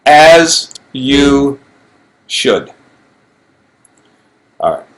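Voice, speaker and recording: A middle-aged actor chatting alone to a webcam during a fan Q&A, playful and rambling with self-mocking asides, recorded on low-quality livestream audio. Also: male voice, very animated, extremely slow. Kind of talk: casual chat to webcam. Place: home, alone in front of a camera.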